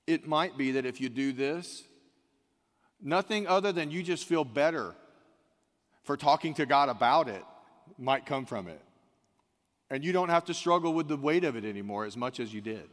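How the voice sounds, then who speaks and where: A man preaching a conversational sermon, swinging from quiet, low asides to sudden loud, emphatic rises. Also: lively intonation, normal speed, long pauses. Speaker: pastor. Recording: long reverb of a large hall.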